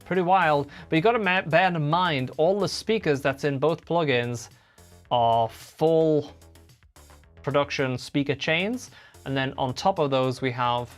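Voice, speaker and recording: A man hosting a casual livestream, rambling chattily and answering chat messages while he plays guitar. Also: on the high side. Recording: guitar playing behind the voice.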